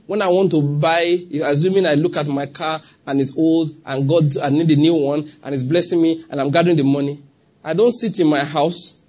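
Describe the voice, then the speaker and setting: A man with a Nigerian accent preaching a sermon to a congregation, acting out short scenes and asking them questions as he goes. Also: on the high side. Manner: animated, acts out little scenes and asks the congregation questions. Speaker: pastor.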